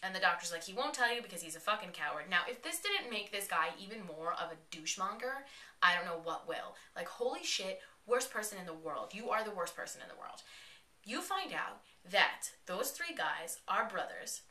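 A young woman hosting a casual podcast, excitedly recapping a TV episode and quoting the characters in quick bursts, with some swearing. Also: medium pitch. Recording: echoey room.

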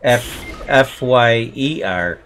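A man from Rochester, New York, a streamer chatting casually with teammates while gaming, with easygoing, low-key replies. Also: very slow, a bit bright, a little hiss or hum. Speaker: Twitch streamer.

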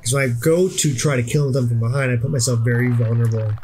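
A man giving casual, excitable gameplay commentary, swearing often and yelling at the game. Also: mid-range voice, quick pace, slight background noise. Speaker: let's play co-host.

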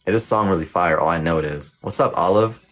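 Deep-voiced young man teasing his chat. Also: fairly bright tone, faint music behind. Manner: teasing, profane, quick verdicts. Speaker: livestream host. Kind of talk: playful mock teacher reading live chat.

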